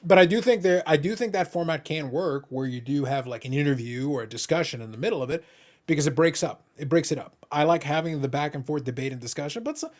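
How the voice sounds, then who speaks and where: A man's voice: a little high, fast. A man hosting a casual podcast chat, talking in a laid-back way with wry joking asides. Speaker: podcast host.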